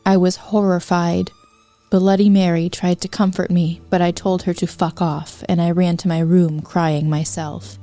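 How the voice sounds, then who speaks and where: A woman podcast host reading fanfiction aloud for comedy, deadpan with wry asides. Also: fairly low pitch, a little slow, soft background music.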